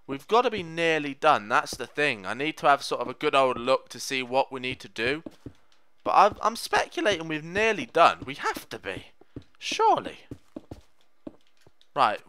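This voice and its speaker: Lively, bright-voiced young man. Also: medium pitch, smooth, dry recording. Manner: rambling, jokey, talks to the game animals. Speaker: Minecraft let's player. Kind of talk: gameplay commentary.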